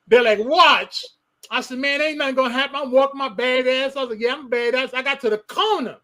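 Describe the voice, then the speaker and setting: High-voiced animated man telling a story. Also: fast. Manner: animated, sound effects, loud bursts. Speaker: storyteller in group chat. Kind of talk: casual storytelling.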